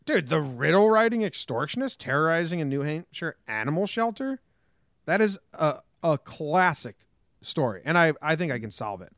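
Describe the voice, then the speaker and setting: A man's voice: fairly high pitch, normal speed, no room sound, studio quality. A man co-hosting a podcast, chatting casually and telling stories with lots of energy, swearing and acting out quotes. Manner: animated storytelling, swears, acts out quotes. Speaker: podcast co-host. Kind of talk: casual comedic chat.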